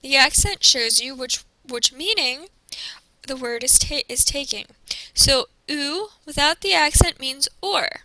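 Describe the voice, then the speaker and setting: High bright woman teaching clearly. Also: animated, dry recording, poor audio. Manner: slow, careful explanation with modeled pronunciations. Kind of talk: recorded classroom presentation.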